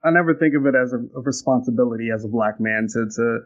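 A man's voice: medium pitch, quick pace, highs cut off. A young man telling a personal story in casual conversation, reflective and earnest, often restarting his sentences. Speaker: guest.

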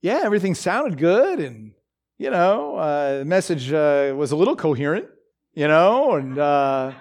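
A man's voice: on the high side, big pitch swings, unhurried, a little mellow. A man preaching a devotional in a conversational way, with many fillers and frequent check-ins like "okay?" and "right?". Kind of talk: devotional teaching.

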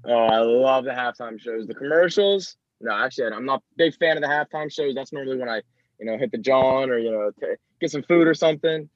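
A man's voice: mid-range voice, fairly quick, no echo. A man co-hosting a podcast while sick, his voice stuffy, joking around in casual chat. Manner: jokey, wry. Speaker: podcast co-host. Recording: dull, dry mic.

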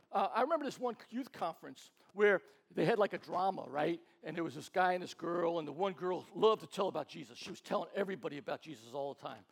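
A pastor with a high, light male voice preaching in a relaxed, conversational way. He tells stories and acts out other people's lines, stumbling and repeating words as he goes. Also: gravelly. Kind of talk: casual sermon storytelling.

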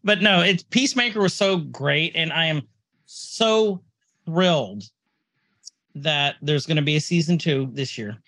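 A man hosting a relaxed podcast, his voice sitting a little high for a man. He talks in a chatty, laughing, rambling way. The sound is dry and close, with no room around it. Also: measured pace, no room sound. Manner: chatty, laughing, lively storytelling. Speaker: podcast host. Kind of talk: casual chat.

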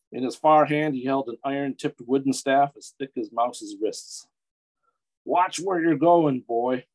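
A middle-aged man from Detroit reading his own fantasy story aloud in a measured storytelling way. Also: mid-range voice, darkish tone, low-quality recording. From Metro Detroit, USA. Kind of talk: audiobook-style fiction reading.

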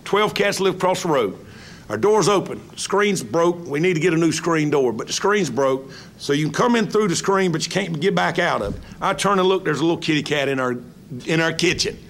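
A man, a college coach, telling an animated story to his players and mimicking a meowing cat. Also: on the high side, a little fast.

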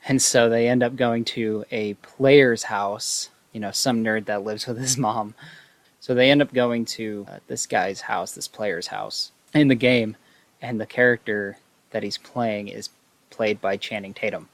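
A man with a low, gravelly voice chats through a movie recap in a loose, rambling way. He stacks up fillers and restarts as he goes. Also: fairly even intonation, measured pace, dry recording. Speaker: video host.

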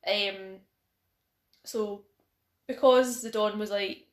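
A woman's voice: mid-range voice, steady tone, a little slow, pauses often. A Scottish woman chatting casually on a podcast, retelling a film plot with lots of fillers and hedges. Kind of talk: casual chat. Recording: echoey room.

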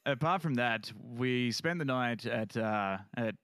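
A man's voice: medium pitch, slow, fairly bright tone, clean tone, no echo, clean studio sound. Chatty man hosting. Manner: chatty storyteller, laughs often. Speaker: podcast host. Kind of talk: casual podcast chat.

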